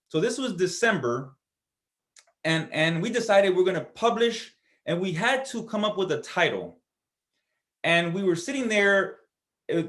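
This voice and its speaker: A man's voice: high-pitched, fairly bright tone. A man telling a personal story as a guest speaker at a church service, in an earnest, conversational way.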